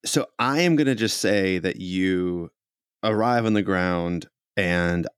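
A man with a low voice runs a tabletop game, ruling and describing the action in a casual, halting way. He often stops and restarts his sentences mid-thought. The sound is close and dry. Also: clear, resonant tone, dry recording. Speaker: game master.

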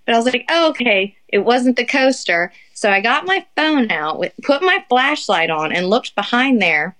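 A woman's voice: on the high side, animated, normal speed, fairly bright tone. A young woman in casual chat, rambling through an embarrassing story with lots of fillers and laughter.

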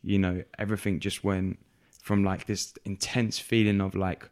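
Brief: young male guest, lowish voice, thoughtful and halting. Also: level tone, a little mellow. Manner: reflective, many fillers and restarts. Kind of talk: candid podcast conversation.

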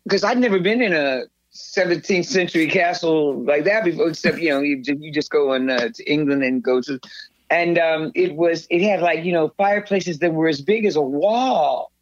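An older woman, a guest in an interview, recounting a memory in a rambling, animated way, often restarting her sentences. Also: deep voice, normal speed, no room sound. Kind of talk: storytelling in a conversational interview. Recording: slightly dull, dry sound.

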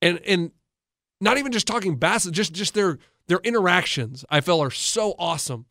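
Sports-talk co-host, male, highish voice, dry close mic, animated stop-start storyteller. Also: fairly quick, no room sound. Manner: animated storyteller, retells others' words with many restarts. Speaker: coach and co-host. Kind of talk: casual sports talk chat.

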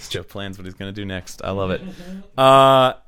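A man's voice: on the low side, moderate pace, fairly bright tone. A man narrating as dungeon master in a loose, casual way, full of filler words. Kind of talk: narrating a tabletop game.

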